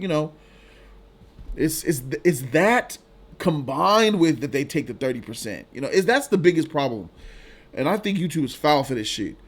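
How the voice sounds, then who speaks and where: Animated laughing man on a live stream. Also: fairly high pitch. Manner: loose slangy banter, laughing often, swearing. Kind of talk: casual live-stream chat reading donations.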